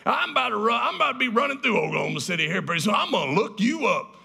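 A man voicing a big, chatty male trucker who talks in a loud, folksy drawl. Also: very high-pitched, big pitch swings, rapid-fire, gravelly, slightly rough, full character voice.

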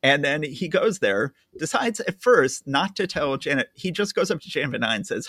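A man hosting a casual podcast chat, retelling a story in an animated way and laughing often. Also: fairly high pitch, normal speed, few pauses, no echo. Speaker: podcast host. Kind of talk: casual chat about comics.

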